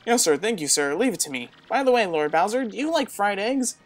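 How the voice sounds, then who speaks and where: A woman's voice: big pitch swings, a little fast, faint music behind, lightly acted. A woman voicing a fussy old female turtle witch who serves her king with simpering politeness. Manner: simpering, overly polite, pitched up.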